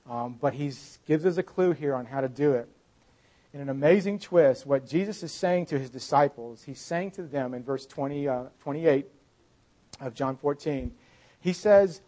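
A man's voice: a little high, a little mellow. A middle-aged man preaching a sermon in a conversational, storytelling way, with many fillers. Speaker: pastor.

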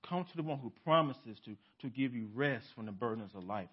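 A male pastor preaching a sermon in a church, emphatic, asking rhetorical questions and swinging from loud to hushed. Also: medium pitch, animated, brisk, husky. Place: church sanctuary. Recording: dull lo-fi sermon recording.

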